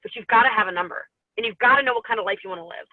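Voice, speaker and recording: A woman's voice: fairly high pitch, racing, no echo. Chatty woman team leader, rambling motivational talk, teary and sniffly, tinny phone-like sound, very dry. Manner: chatty, rambling, laughs often. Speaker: network marketing team leader.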